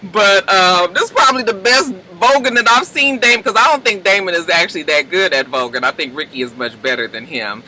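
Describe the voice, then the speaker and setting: A man recapping a TV episode in a chatty, animated way. He acts out the characters' lines and calls his viewers "honey.". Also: high-pitched, a little fast, hardly any pauses, rough recording. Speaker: TV episode reviewer. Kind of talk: casual TV recap.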